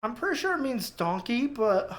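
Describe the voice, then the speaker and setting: A podcast co-host trading deadpan quips and swearing freely in casual chat. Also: mid-range voice, normal speed. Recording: roomy echo.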